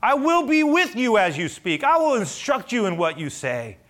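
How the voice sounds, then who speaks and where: A preacher giving voice to God, calm and commanding, laying out his answer in firm, measured phrases. It stays close to the speaker's own voice, with only a lift in weight and emphasis. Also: high voice, voice pushed up.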